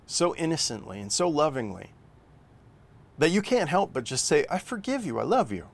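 An earnest man teaching from the Bible in a loose, rambling way, stopping and restarting his thoughts. His voice sits a little low and has a gravelly edge. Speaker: preacher.

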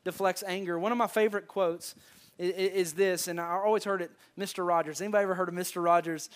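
A Southern American man gives a sermon in a church, talking to the congregation in a loose, conversational way. His voice sits high for a man, and he stumbles and repeats words as he reaches for a point, often turning to ask the room a question. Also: fairly even intonation, fast talker, clean tone. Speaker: pastor. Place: church sanctuary.

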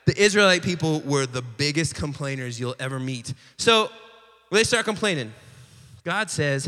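A young man giving a casual, joking sermon, acting out the quotes in a lively storytelling way. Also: fairly high pitch, normal speed. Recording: long reverb of a large hall.

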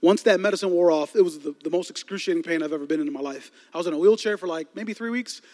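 High-voiced animated man preaching in a hall. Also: fast. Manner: animated, lively storytelling with laughs. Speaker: youth pastor. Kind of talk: humorous sermon storytelling. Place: large church auditorium. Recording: long reverb of a large hall.

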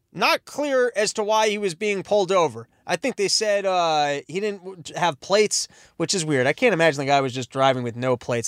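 A man talks in a loose, sarcastic monologue, drifting between tangents and cutting himself off mid-thought. His voice sits fairly high for a man. The sound is dry and close, with no room in it. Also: a bit bright, clear, resonant tone, no room sound. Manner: rambling, sarcastic, self-interrupting. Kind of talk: rambling comedic monologue.

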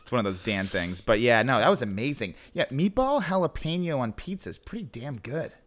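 A man's voice: mid-range voice, very animated, a little fast. A young man co-hosting a podcast, telling rambling anecdotes with frequent laughter in casual chat. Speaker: podcast co-host.

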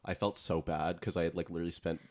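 Deep-voiced man rambling. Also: fairly even intonation, quick pace. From Ontario, Canada. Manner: rambling, full of "like" fillers. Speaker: podcast co-host. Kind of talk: casual chat.

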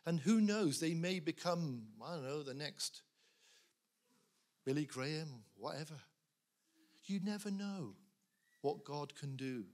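A man preaching earnestly to a church congregation, animated, with laughs and quick asides. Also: a little high. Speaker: pastor appealing for prayer. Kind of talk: sermon.

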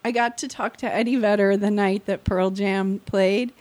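A middle-aged woman chatting casually on a podcast, telling stories in an animated way and swearing freely. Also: mid-range voice, moderate pace. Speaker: podcast guest. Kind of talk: casual chat.

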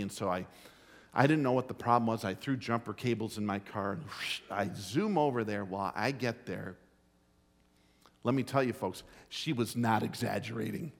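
A man's voice: fairly low pitch, normal speed, creaky. Middle-aged guy preaching, chatty folksy stories, lots of stress on words, echoey church. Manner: storytelling, folksy, emphatic. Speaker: pastor. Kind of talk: sermon. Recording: long hall reverb.

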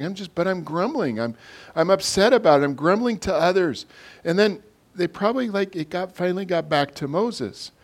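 A man preaching a casual sermon to a congregation, talking in a loose, conversational way full of fillers and restarts. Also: fairly high pitch.

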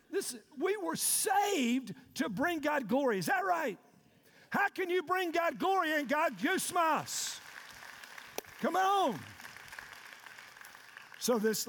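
A man preaching a sermon, shouting and calling out questions to his congregation. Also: very high-pitched, breathy edge. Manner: preaching with loud shouted call-and-response. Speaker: pastor. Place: church sanctuary. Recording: long reverb of a large hall.

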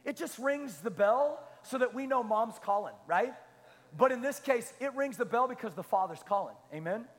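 A male pastor with a high, light voice preaches with rising energy, repeating phrases and tossing questions out to the room. His voice carries a long hall reverb around it. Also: moderate pace. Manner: energetic, repetitive preaching with call-and-response questions. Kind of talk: sermon.

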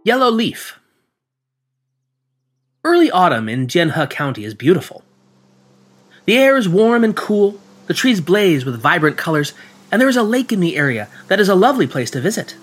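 A man narrating folk ghost tales in a measured, dramatic storytelling manner. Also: high voice, big pitch swings, husky. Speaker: podcast storyteller.

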